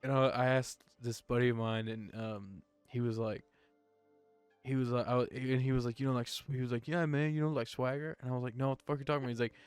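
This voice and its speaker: A man co-hosting a laid-back podcast chat. He tells his stories with animated energy and mimics the people he quotes. His voice is smooth and resonant, with faint music in the background. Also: mid-range voice, fast talker. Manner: animated storyteller, acts out quotes. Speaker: podcast co-host. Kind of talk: casual chat.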